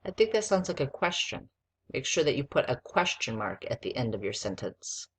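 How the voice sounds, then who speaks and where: A woman's voice: rumbling low, very animated, moderate pace, husky. A woman teacher giving a spelling lesson to a child, patiently spelling words out letter by letter.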